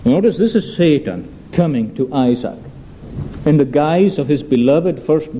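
A man preaching a sermon in an earnest, measured way, addressing the congregation as his friends. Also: on the high side, lively intonation, warm tone, a little hiss or hum, low-quality recording. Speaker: pastor.

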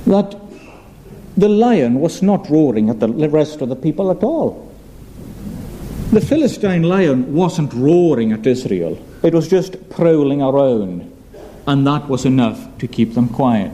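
A male preacher giving an earnest expository sermon, asking rhetorical questions and reading scripture aloud slowly. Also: fairly high pitch, very animated, dark tone.

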